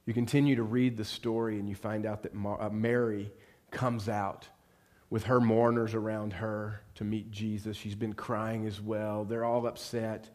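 Preaching at a moderate pace, this pastor's voice sits on the low side with a steady tone. His sermon unfolds as a story, dropping to hushed quiet at times and rising to loud fervor at others.

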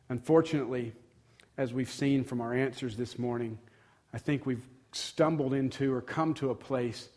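A man's voice: mid-range voice, a little mellow, husky. A male pastor, preaching an earnest sermon that builds to emphatic passages.

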